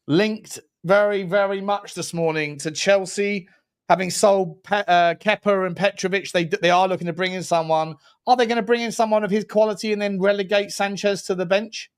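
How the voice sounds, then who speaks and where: A man's voice: high voice, clear, resonant tone. A man co-hosting a live football podcast, playful and chummy as he thanks viewers. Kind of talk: casual live-stream chat with viewer shout-outs.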